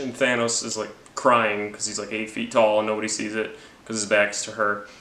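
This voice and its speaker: A man's voice: on the low side, level tone, brisk, sharp tone. A man giving a rambling, jokey, profane movie recap. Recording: roomy with faint ambience.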